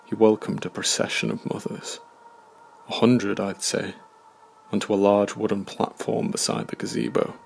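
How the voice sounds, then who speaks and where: A man narrating a scripted horror story in a measured, somber way. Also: fairly low pitch, level tone, gravelly, a little hiss or hum.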